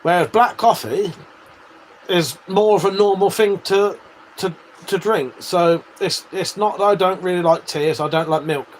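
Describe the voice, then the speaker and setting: A man's voice: sits high, normal speed, a little hiss or hum. English man chatting on a live stream. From England. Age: 40s. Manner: swearing, laughing, banter with chat. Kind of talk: casual live-stream chat reading viewer comments.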